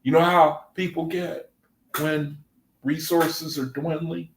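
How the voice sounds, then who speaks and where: A man leads a Bible study on a casual livestream, talking loosely and conversationally, often tossing in "man," and reading scripture aloud between remarks. His voice is a little high and flat, he takes it slowly, and the low-quality desk-mic recording is roomy with slight hiss or hum.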